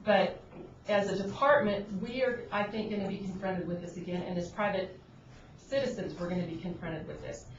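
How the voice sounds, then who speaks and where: A woman's voice: medium pitch, fairly even intonation, normal speed. Woman speaking at a board meeting. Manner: earnest and pointed, with frequent restarts and "um"s. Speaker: agriculture board member. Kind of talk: unscripted remarks at a public board meeting. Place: conference room at a government meeting. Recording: dull, noisy, roomy audio from a distant room mic.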